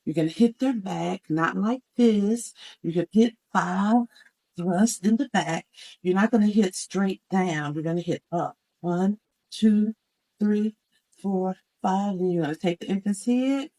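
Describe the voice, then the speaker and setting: Gravelly-voiced woman teaching first aid. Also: mid-range voice, measured pace, mellow, low-quality recording. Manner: step-by-step instruction, counting aloud while demonstrating. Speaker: CPR instructor. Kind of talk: hands-on first aid demonstration.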